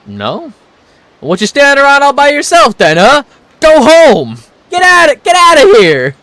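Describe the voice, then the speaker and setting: Guy doing a gruff brash game street thug, swings all over in pitch. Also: big pitch swings, moderate pace, fairly bright tone, dry recording.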